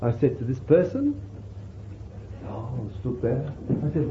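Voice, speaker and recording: A man delivers a slow, unhurried sermon, his pitch rising and falling freely as he muses over his text, with warm chuckles along the way. The recording sounds thin and tinny, like a phone, with a roomy echo and faint hiss.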